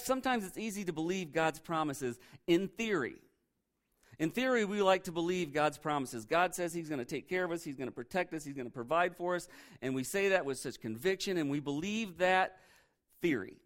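A man's voice: fairly high pitch, animated, normal speed, fairly bright tone. A male pastor preaching a sermon in a church, conversational and full of rhetorical questions.

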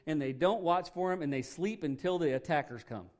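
Emphatic higher-voiced male pastor preaching. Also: lively intonation, quick pace, hardly any pauses, a little mellow. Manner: emphatic and folksy, full of rhetorical questions. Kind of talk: sermon.

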